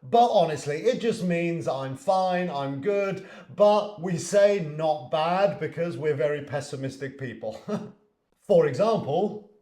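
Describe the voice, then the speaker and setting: A British man teaching English in a casual video lesson, relaxed and chatty, laughing easily and acting out example greetings. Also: a little high, slow pace, echoey room.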